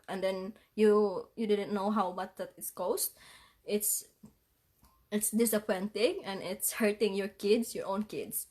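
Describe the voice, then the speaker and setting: A tearful woman talks straight to her viewers, her voice unsteady from crying. She speaks in halting phrases, apologizing again and again and half-laughing through the tears. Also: medium pitch. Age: adult parent. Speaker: vlogger. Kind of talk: emotional livestream vlog.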